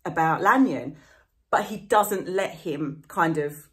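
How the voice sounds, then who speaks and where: A woman's voice: low-pitched, slow pace, a bit bright. A woman literature teacher talking through a novel in a casual, explanatory lesson, with lots of "sort of" hedges. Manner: chatty, full of "sort of" hedges; paraphrases characters in everyday slang.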